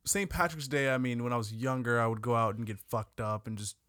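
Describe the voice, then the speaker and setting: A man's voice: mid-range voice, steady tone, a little fast, fairly bright tone, no echo, clean studio sound. A man co-hosting a podcast, talking in brash, crude, joking casual chat. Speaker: podcast co-host.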